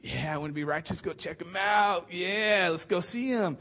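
A pastor putting on a slangy surfer dude. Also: male voice, high-pitched, moderate pace, bright, forceful tone, in a large hall, heavily acted. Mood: laid-back. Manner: slangy, drawling surfer talk. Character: laid-back young male surfer dude friend. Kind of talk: sermon storytelling.

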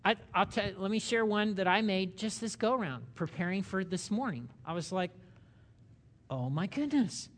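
A man's voice: high-pitched, moderate pace, hardly any pauses, fairly bright tone. A middle-aged man leading a church Bible study, talking conversationally and asking the group questions as he teaches. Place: church meeting room.

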